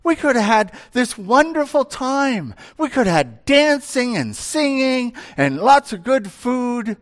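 A man's voice: very high voice, very animated, takes it slowly, voice pushed up, heavily acted. A man preaching, voicing an indignant, threatening older male patriarch in an accusing tone.

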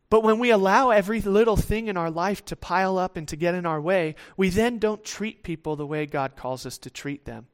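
A man with a high-pitched voice preaches a sermon. He talks in a conversational way and slips into quoted voices as he goes. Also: moderate pace.

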